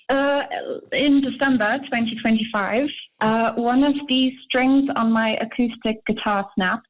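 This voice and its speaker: A young woman calling into a show, telling her story in a chatty way with many fillers. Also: a little high. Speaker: caller. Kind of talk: casual call-in chat. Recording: dull, lo-fi call audio.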